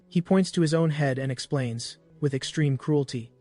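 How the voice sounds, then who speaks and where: A man narrating a comic recap in a brisk storytelling voice with small slips. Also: a little high, dark tone.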